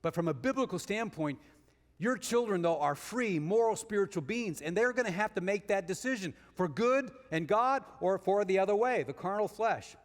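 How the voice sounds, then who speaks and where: A man giving a sermon as guest speaker, moving between emphatic rises and hushed storytelling. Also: high voice, expressive, moderate pace. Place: church sanctuary. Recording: long reverb of a large hall.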